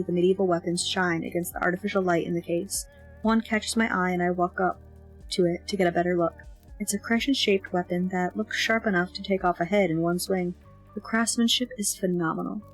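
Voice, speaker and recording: A woman narrating a young-adult novel in the first person, with expressive, lively delivery of the dialogue. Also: fairly low pitch, a little fast, breathy edge, rough recording. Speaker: audiobook narrator. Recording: faint background music.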